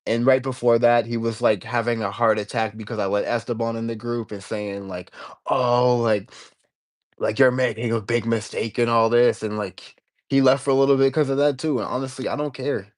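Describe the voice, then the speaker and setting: A man's voice: medium pitch, steady tone, a little fast, no room sound. A man hosting a casual livestream, rambling in stops and restarts as he talks to his viewers. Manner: rambling, stop-start, reading out chat comments. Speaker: livestream host.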